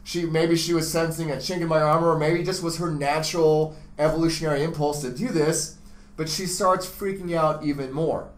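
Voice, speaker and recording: A man's voice: fairly high pitch, steady tone, moderate pace. A man hosting a dating-advice talk show, casual, blunt and profane, often talking over his co-host. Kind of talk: casual chat.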